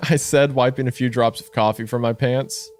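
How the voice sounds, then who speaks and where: A man co-hosting a casual horror podcast, chatting with laughs and reading story narration aloud in a lower, hushed voice. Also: steady tone, normal speed, faint music behind.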